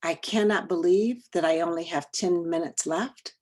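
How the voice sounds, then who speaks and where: A woman leading a training session over a video call, talking conversationally and quizzing her group with quick questions. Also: fairly low pitch, a little mellow. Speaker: workshop trainer.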